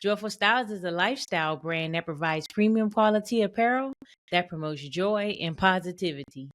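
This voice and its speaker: Woman, podcast host, casual monologue, fillers, repeats herself, mid pitch. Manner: chatty, repeats phrases, many fillers and "y'all". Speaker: podcast host and boundaries coach.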